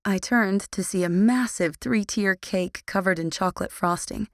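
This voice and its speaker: A woman narrating a first-person young adult audiobook in a wry, low-key manner. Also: moderate pace, no echo, clean studio sound. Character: wry, guarded teenage girl narrator.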